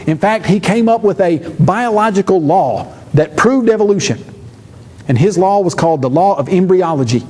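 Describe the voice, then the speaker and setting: Male lecturer, high-pitched, lively and theatrical, plays out the people he quotes. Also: normal speed, a little hiss or hum. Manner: lively, acts out quoted speakers with shifting pitch. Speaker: church seminar lecturer. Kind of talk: animated teaching lecture.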